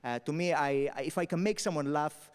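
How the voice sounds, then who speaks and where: A young man raised in Spain tells stand-up stories on a festival stage at a quick clip. His voice sits a little high for a man. He is punchy and keeps checking in with "all right?", and the sound carries a long hall reverb. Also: clean tone. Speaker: stand-up comedian.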